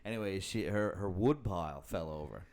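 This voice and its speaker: A man's voice: deep voice, moderate pace. A man hosting a podcast, telling stories in casual chat and laughing often. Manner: animated, laughing, mimics callers' voices. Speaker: podcast host.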